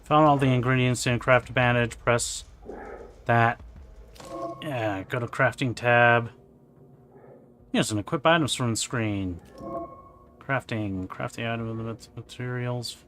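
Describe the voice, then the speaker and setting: A man's voice: mid-range voice, a little slow, long pauses, noisy background. A man playing a video game on stream, chatting casually with his viewers. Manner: chatty, talks to viewers, laughs. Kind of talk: casual let's-play commentary.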